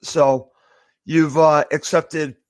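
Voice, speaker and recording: A man from the area, hosting a podcast and giving an emotional farewell, halting and full of thanks. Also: fairly high pitch, flat delivery, darkish tone, no room sound. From Boston area, USA. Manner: halting, with repeated thanks and restarts. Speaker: podcast host. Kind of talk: heartfelt farewell monologue.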